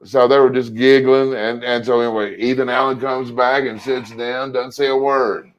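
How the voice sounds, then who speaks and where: A man co-hosting a casual political chat, telling long rambling stories with animated asides. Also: medium pitch, normal speed, muffled recording. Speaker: co-host.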